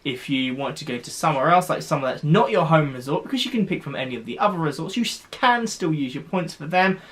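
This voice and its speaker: A man with a somewhat higher voice than most men talks straight to camera. His explanation is chatty and loose, full of restarts and asides, like a vlogger walking viewers through the fine print. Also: lively intonation, fast talker. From United Kingdom.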